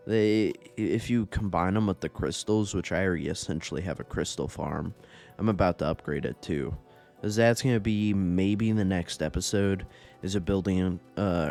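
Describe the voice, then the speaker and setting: A young man with a very deep, low voice chats loosely over his gameplay, swearing freely and drifting between thoughts. Faint game music plays underneath. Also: a little mellow. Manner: rambling, profane, laid-back, laughs often. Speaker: gaming YouTuber. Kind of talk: casual gameplay commentary.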